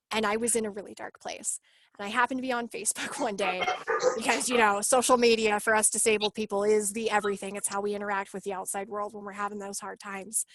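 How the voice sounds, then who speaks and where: A woman in her late twenties on a video call, telling her story in an emotional, animated way and acting out what people said. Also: medium pitch, no echo. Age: 20s. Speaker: workshop guest sharing her story. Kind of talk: casual video-call chat.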